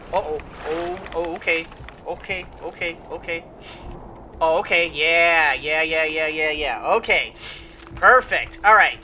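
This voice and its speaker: A let's play host giving rambling gameplay commentary, full of fillers and excited exclamations. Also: mid-range voice, noisy background.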